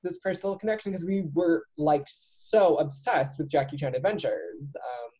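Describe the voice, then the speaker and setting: A woman's voice: sits low, expressive, moderate pace, mellow, husky, low-quality recording. A woman hosting a casual chat, talking in a loose, laughing way with many fillers. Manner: chatty, laughing, lots of likes. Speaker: podcast host.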